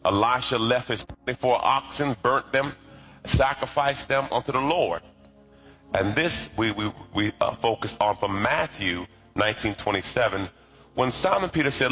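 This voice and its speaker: A middle-aged man preaching a sermon, animated and calling on the congregation to repeat after him. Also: medium pitch, moderate pace, soft background music. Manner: lively, animated preaching with call-and-response. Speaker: pastor.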